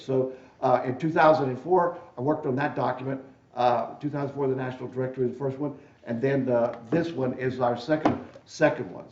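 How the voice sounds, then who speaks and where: A man delivering a keynote at a conference in a rather high voice, folksy and repetitive, often asking "right?" and "okay?". His voice carries around a roomy hall, and the recording sounds dull and muffled. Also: a little mellow. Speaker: keynote speaker at a deacon assembly. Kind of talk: conference talk. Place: lecture hall.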